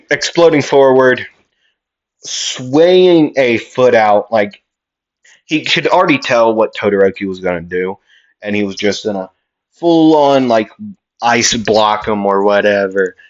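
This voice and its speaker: Young male narrator, loose improvised storytelling, playful sound effects, dull lo-fi mic, unhurried. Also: on the low side, expressive. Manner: rambling, playful, self-commenting with sound effects. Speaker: creator voicing a what-if anime story. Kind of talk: casual improvised narration with character voices.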